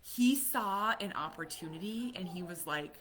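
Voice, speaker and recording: A middle-aged American woman telling stories in a casual live chat, animated and acting out what people said. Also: lowish voice, moderate pace, slight background noise. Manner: storytelling, animated, acts out quotes. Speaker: vlogger, autism parent.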